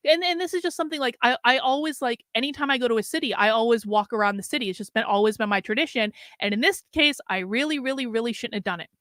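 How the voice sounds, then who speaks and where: In a studio-quality recording with no room sound, a woman with a fairly high voice hosts a podcast, talking fast with hardly any pauses. She rambles through a story, cursing freely and saying "like" constantly. She animates it by quoting her own inner thoughts.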